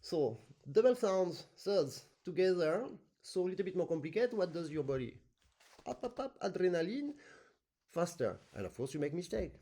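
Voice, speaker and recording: Animated man teaching accordion. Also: sits high, moderate pace. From France. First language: French. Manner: animated, sings rhythms in syllables, non-native English phrasing. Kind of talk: masterclass teaching with sung demonstrations.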